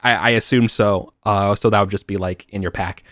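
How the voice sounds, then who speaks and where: Man, game master, halting narration, lots of fillers, low voice, dry sound. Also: steady tone, fairly bright tone, no room sound. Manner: halting, many fillers and restarts. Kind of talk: narrating a tabletop game over voice chat. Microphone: computer mic on voice call.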